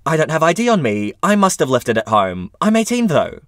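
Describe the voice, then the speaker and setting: A man's voice: on the high side, big pitch swings, fairly quick, fairly bright tone, dry recording, studio quality. Man doing a meek teenage girl. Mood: placating. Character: meek teenage daughter, eighteen, apologetic and shy.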